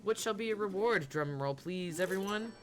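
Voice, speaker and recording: A man's voice: sits high, lively intonation, normal speed, over music, voice pushed up. A man voicing a theme-park announcer in a game, reading in a showy, announcing manner.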